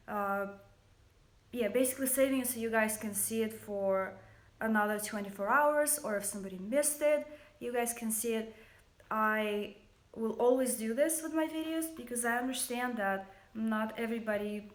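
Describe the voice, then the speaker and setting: A woman with a Russian accent chats on a livestream in a soft, earnest way, her voice sitting a little high. She talks into her phone camera, and the home kitchen around her gives the sound a roomy echo. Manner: soft-spoken, earnest and chatty. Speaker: livestream host. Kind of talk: casual livestream chat.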